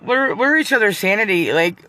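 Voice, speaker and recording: A woman's voice: on the low side, normal speed, gravelly. A middle-aged woman chatting on a live vlog from inside her van, rambling, emotional and teary at times, with some swearing. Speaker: vlogger. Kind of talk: casual live-stream chat.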